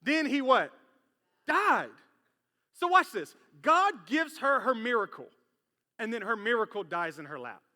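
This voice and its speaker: Pastor guy, high bright voice, animated storytelling sermon, big church echo. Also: normal speed. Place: church sanctuary. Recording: long hall reverb in church.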